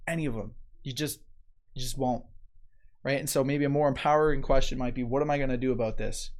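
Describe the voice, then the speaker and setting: Chatty, easygoing motivational host. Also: male voice, mid-range voice, a little fast. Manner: relaxed, chatty, frequent "right?" and light laughs. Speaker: host of a motivational live show. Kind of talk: casual live-stream talk, reading viewer comments.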